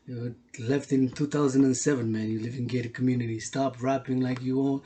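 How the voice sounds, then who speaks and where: A man's voice: mid-range voice, flat delivery, normal speed, dark tone, slight background noise. A man giving a rambling, emotional vlog monologue, repeating himself, swearing freely and talking in casual street slang. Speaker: workout video host.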